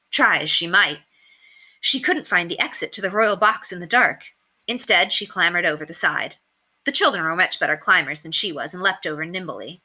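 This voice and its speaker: A woman reading a children's novel aloud in an expressive, animated storytelling voice. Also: fairly low pitch, normal speed, husky. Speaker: reader.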